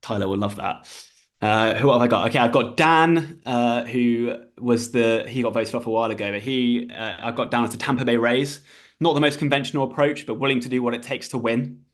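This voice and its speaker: A man's voice: medium pitch, brisk. A man co-hosting a casual podcast, reading out a prepared list with dry asides. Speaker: podcast co-host.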